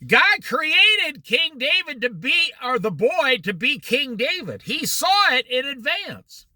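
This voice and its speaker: A middle-aged man teaching an informal Bible study, telling stories with lively quoted voices. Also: very high-pitched, slow pace, dry recording. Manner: animated storytelling with quoted voices.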